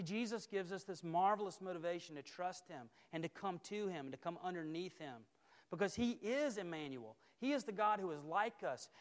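A man with a high voice preaching a sermon, his words trailing into a long hall reverb. He builds emphatic runs of repeated phrases, then drops to a quiet, intense hush. He speaks as a campus minister to a large reverberant worship hall.

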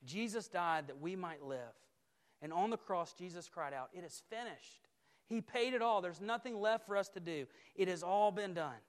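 High-voiced preacher in a reverberant hall. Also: male voice, animated, normal speed. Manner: emphatic, building repeated phrases, dropping to quiet intensity. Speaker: campus minister preaching. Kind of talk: sermon.

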